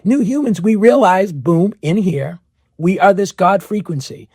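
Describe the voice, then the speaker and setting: Man, podcast host, spiritual monologue, rhetorical questions, husky, dry close sound. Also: sits high, a little slow, warm tone, dry recording. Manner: rhetorical questions, repeats phrases.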